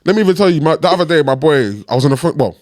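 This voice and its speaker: A young man, co-hosting a podcast and telling stories with expressive delivery. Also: a little high, rapid-fire, no room sound, clean studio sound. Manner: expressive storyteller, acts out quotes. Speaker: podcast co-host. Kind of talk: casual chat.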